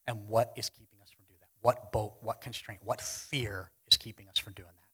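A man preaching a sermon to a congregation, earnest, pushing some lines out loudly and dropping others to a hush. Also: fairly low pitch, steady tone, moderate pace, slightly rough, rough recording. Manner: earnest, swings between loud emphasis and hushed lines. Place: church hall with congregation.

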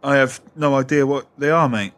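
A man's voice: mid-range voice, fairly even intonation, normal speed, fairly bright tone. A man playing a shopkeeper in a comedy sketch, dry and patiently pedantic.

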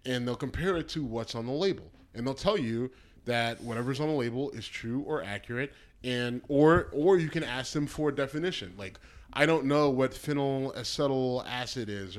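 A man co-hosting a casual talk podcast, blunt and profane, rambling through his points with lots of restarts. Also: mid-range voice. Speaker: podcast co-host. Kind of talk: casual banter.

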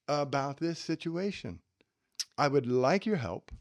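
A man's voice: on the high side, a little slow, no echo, studio quality. A man co-hosting a self-help podcast, teaching and acting out little everyday scenes. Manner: animated, acts out little scenes. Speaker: podcast co-host.

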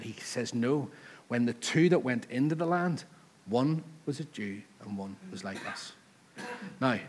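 Husky man preaching a lively sermon. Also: medium pitch. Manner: conversational, acts out the people in the scripture stories; rises to loud, emphatic peaks. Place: church service.

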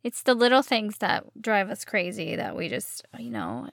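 A woman's voice: medium pitch, big pitch swings, moderate pace, gravelly, no echo, studio quality. A woman co-hosting a casual chat, mostly agreeing and adding short remarks. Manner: listens and chimes in with short agreement.

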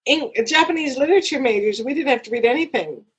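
A woman's voice: high voice, lively intonation, quick pace, breathy edge, low-quality recording. A woman hosting a casual interview, asking short follow-up questions. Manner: asks brief follow-up questions.

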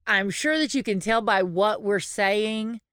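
Telling lively stories full of profanity and laughter, this woman co-hosts a laid-back podcast. She speaks at a medium pitch, unhurried, with a clean tone and studio sound free of any room noise.

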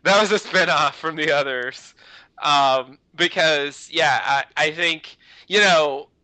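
A man's voice: on the high side, takes it slowly, bright, forceful tone, no room sound, poor audio. A man co-hosting a podcast in casual chat, rambling and peppering his talk with "you know" and restarts. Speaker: podcast host.

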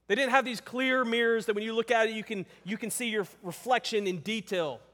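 Male pastor, earnest sermon delivery with emphatic repetition; high voice, long church reverb. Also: fairly even intonation, fairly quick, bright, forceful tone. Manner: earnest, emphatic, repeats words for stress.

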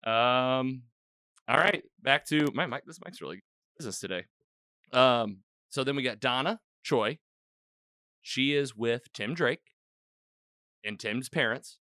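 A man hosting a casual chat, retelling an episode in a rambling, animated way with quoted lines. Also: medium pitch, clear, resonant tone, no room sound, studio quality. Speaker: podcast host.

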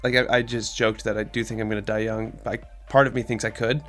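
A man's voice: on the low side, level tone, fast talker, fairly bright tone, soft background music. A man in his thirties in a casual chat, rambling with many fillers and self-mocking jokes. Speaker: podcast co-host.

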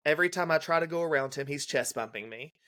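A young adult man, a guest on a podcast, telling a detailed clinical story in a brisk, casual way and acting out the dialogue. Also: fairly high pitch, bright, forceful tone. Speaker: guest, legal nurse consultant.

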